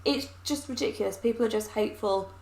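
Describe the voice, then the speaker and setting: A woman's voice: fairly high pitch, fast, creaky, a little mellow. A woman co-hosting a reaction show, speaking emphatically and with exasperation. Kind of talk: casual group chat. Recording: echoey room.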